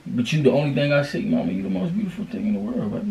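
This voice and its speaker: Slangy young man with lively pitch. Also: racing, hardly any pauses, slight background noise. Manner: slangy, profane, soothing and pleading with his partner. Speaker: vlogger co-host. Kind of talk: casual couple challenge chat.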